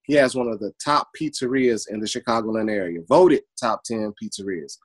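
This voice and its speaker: A man's voice: lowish voice, fairly quick, breathy edge, low-quality recording. A man who works as a barber, talking earnestly in an interview over a video call and repeating his points for emphasis. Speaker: barber guest. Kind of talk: casual conversational interview.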